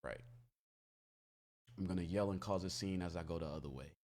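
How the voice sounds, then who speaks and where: Man doing a quiet, deadpan tough-guy friend, pitched low, no fuss. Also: brisk, natural voice. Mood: stern hush.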